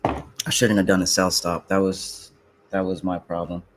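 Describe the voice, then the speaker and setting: Deep-voiced frustrated young man muttering. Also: little pitch movement, a little slow, noisy background. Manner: frustrated, swearing, muttering to himself. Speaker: livestreaming futures trader. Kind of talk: casual live-stream commentary.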